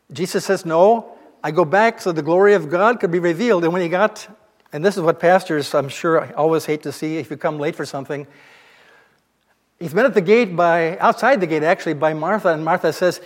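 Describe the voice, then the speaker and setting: A man's voice: fairly high pitch, fairly quick, big-room sound. A male pastor giving a sermon, retelling scripture as a casual, conversational story.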